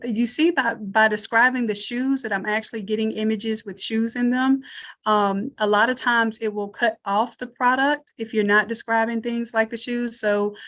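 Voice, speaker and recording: Woman running a live design class, kinda high voice, chatty, talks through what shes doing. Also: a bit bright. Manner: chatty, thinks aloud while working. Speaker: online design instructor. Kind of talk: live screen-share tutorial.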